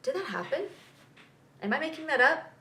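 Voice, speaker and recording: Young female vlog host: bright tone, chatty and giggly, casual. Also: high voice, lively intonation, normal speed, slight background noise. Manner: chatty and giggly, lots of fillers and asides. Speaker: vlog host reacting to a TV episode. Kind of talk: casual reaction chat.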